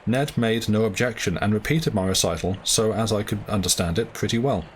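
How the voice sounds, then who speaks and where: A man narrating a classic novel aloud in a steady, measured way on a livestream. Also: fairly low pitch, slight background noise, rough recording. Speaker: reader of a novel.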